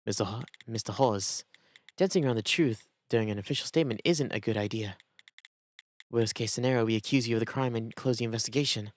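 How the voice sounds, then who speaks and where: A man voicing a quiet, thoughtful investigator who muses in a low, hushed voice while reading game dialogue aloud. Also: fast talker, lightly acted. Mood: musing.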